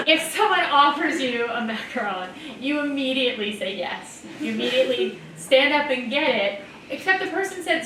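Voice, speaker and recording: A woman's voice: high-pitched, bright, forceful tone, recorded from a distance, a little hiss or hum. A woman doing improvised comedy as a contestant, teasing the others in a mock-formal way. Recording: echoey room picked up from afar.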